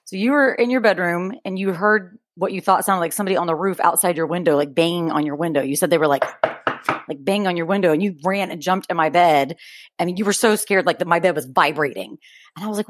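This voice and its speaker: A woman, co-hosting a podcast and telling a story with lively, acted-out quotes. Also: fast, no room sound, studio quality. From Texas. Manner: animated storyteller, acts out quotes with big pitch jumps. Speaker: podcast co-host. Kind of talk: casual chat, storytelling.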